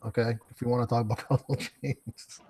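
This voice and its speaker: A man's voice: medium pitch, level tone, brisk, background noise. A man debating on a livestream, insistent and repeating himself to get a word in.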